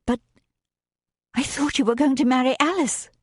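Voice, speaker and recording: Woman voicing a gentle, devout young governess. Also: high-pitched, steady tone, moderate pace, husky, no echo, clean studio sound, pitched above the performer's own voice. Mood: surprised. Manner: soft, wondering, tender. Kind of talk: audiobook narration.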